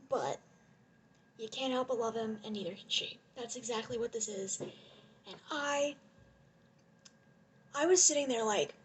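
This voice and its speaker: Young woman gushing about a show, high voice, laughs a lot, phone propped up. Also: slight background noise. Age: young adult. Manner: excited, gushing, laughs often. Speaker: vlogger. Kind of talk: casual rambling rant. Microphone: phone propped on a lotion bottle.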